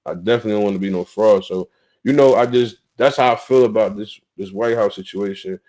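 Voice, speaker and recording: A man's voice: on the low side, fairly quick, darkish tone. Blunt, heated Southern man. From North Carolina, US. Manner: blunt, heated and profane, with restarts. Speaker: podcast host. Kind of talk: casual talk-show monologue.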